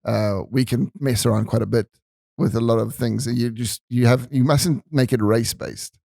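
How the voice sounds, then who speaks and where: A man's voice: mid-range voice, fairly even intonation, normal speed, gravelly, dark tone, no room sound, studio quality. A man hosting a podcast, laid-back and joking in casual slangy chat. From South Africa.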